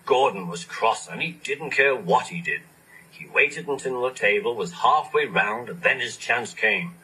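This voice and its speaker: A man reading a children's storybook aloud, expressive and animated. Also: medium pitch, a little slow, slightly rough, rough recording. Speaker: narrator.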